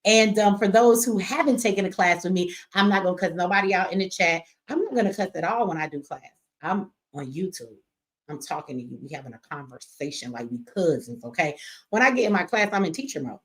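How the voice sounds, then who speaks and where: A woman's voice: on the low side, lively intonation, fairly quick. A woman hosting a casual live stream from home, chatty and slangy, cussing and reading viewer comments aloud. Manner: chatty, slangy, cusses and laughs often.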